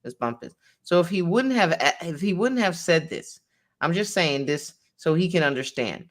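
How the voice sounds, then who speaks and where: A woman attorney reading a court transcript aloud, calling out each speaker's name before their line and pausing to explain it. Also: lowish voice, expressive.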